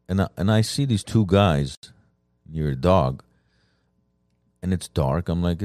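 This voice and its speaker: A man with an extremely low, dark voice tells a story casually among friends. He is lively and loose, full of fillers and restarts. The sound is close and dry, with no room. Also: measured pace, no echo. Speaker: podcast co-host telling a story.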